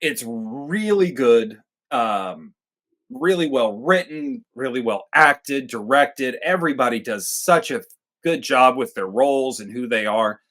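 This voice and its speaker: A man's voice: medium pitch, animated, measured pace, a bit bright. A man co-hosting a movie review show in casual chat, cracking crude, profane jokes. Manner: crude, joking, profane banter. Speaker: movie review podcast co-host.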